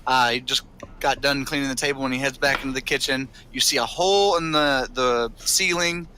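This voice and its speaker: Male game master, rambling narrator, very bright tone, faint noise. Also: medium pitch, a little fast, low-quality recording. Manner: rambling, many restarts and fillers.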